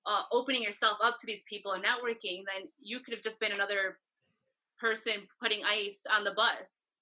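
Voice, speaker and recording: Bright-voiced woman telling animated stories. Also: mid-range voice, a little fast, poor audio. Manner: animated storyteller, acts out quoted exchanges. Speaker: guest photographer. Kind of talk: casual interview talk.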